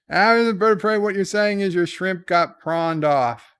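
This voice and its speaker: Brief: male streamer host, fairly high gravelly voice, rambling and hesitant, dry close mic. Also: expressive, normal speed, a bit bright, no room sound. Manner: rambling, hesitant, self-deprecating. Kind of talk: casual livestream, reading advice letters and chat.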